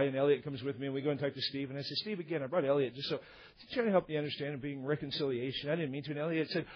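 A man's voice: a little high, rapid-fire, highs cut off. A man preaching a sermon, telling a story and acting out the dialogue of the people in it. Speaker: pastor.

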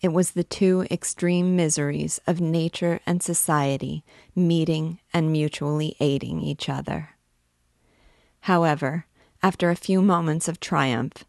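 A woman reads a classic novel aloud in a low, gravelly voice. She takes it slowly and deliberately, with the dry closeness of a mic set up near her. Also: steady tone, a little mellow, no room sound. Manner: measured, deliberate reading. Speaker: book reader and guide. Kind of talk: literary read-aloud narration.

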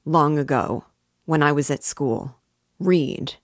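A woman voicing a timid, devout young woman in a novel read aloud, speaking hesitantly and quietly. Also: sits low, slow pace, no room sound, clean studio sound.

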